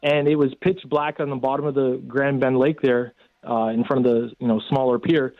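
A man's voice: mid-range voice, level tone, normal speed, no echo. Man telling a story over a tinny phone line. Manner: rambling, many "you know" fillers. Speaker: guest telling a rescue story. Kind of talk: casual storytelling.

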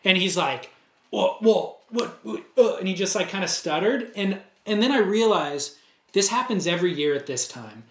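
A man co-hosting a podcast, telling a long story in an animated way and acting out the other people's lines in casual chat. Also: high-pitched, normal speed, reverberant. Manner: animated storyteller, acts out dialogue. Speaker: podcast co-host.

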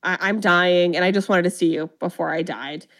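A woman's voice: lowish voice, fairly even intonation, normal speed, a bit bright. A woman co-hosting a podcast, animatedly retelling a film's plot and acting out the characters' lines in casual chat. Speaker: podcast co-host. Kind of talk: casual movie recap chat.

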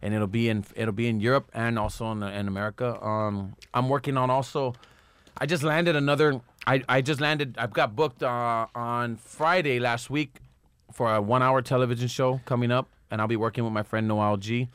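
A man's voice: medium pitch, steady tone, moderate pace, fairly bright tone, clear, resonant tone, no echo. A man talking as a podcast guest, rambling and crude, with plenty of fillers and restarts. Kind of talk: casual chat.

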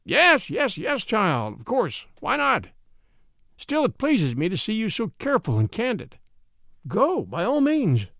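A man's voice: high-pitched, huge pitch swings, unhurried, creaky, fairly bright tone, no room sound, clean studio sound, voice pushed up, exaggerated voice. A man doing a blustery old uncle. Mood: fond. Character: fond, gruff old uncle.

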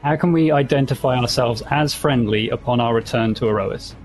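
A man playing in a tabletop game, talking quickly and thinking aloud with halting restarts. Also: medium pitch, soft background music. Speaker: player. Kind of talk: casual play talk.

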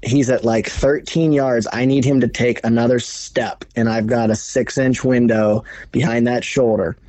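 A man of middle pitch retells a hunt as a podcast guest, swearing freely and piling on detail. He talks in an animated, casual way. The recording is dry and close, with no room sound. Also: no room sound. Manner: animated, profane, fast retelling. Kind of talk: casual storytelling.

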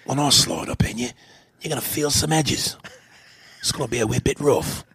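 A man voicing a sleazy, smooth-talking British-style male seducer, with a husky, gravelly murmur and a slow, suggestive delivery. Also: mid-range voice, animated, fairly bright tone, no room sound, exaggerated voice. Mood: sleazy seductive.

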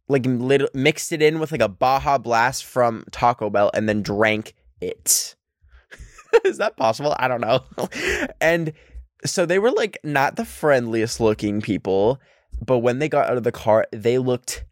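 A man's voice: medium pitch, no echo, studio quality. Rambling, chatty young man. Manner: chatty, rambling, full of "like" and laughs. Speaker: vlogger. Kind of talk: casual storytime. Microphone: handheld microphone.

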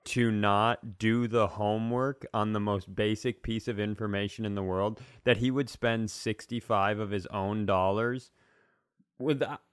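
Dude cohost with a lowish voice, deadpan sarcastic jokes, dry studio sound. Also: male voice, measured pace, clean tone, no room sound. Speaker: podcast co-host. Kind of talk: casual comedy podcast chat.

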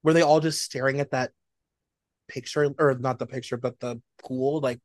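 A man co-hosting a casual pop culture chat, talking in an animated way and packing his sentences with filler words. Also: mid-range voice, moderate pace, no room sound, studio quality. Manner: chatty, many "like" fillers, animated storytelling. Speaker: podcast co-host.

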